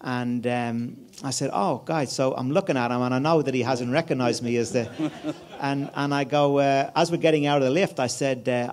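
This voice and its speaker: In a conference room before an audience, a fiftysomething guest speaker from Ireland chats through an anecdote at normal speed. He has a mid-range voice and his talk is loose, with lots of fillers and false starts.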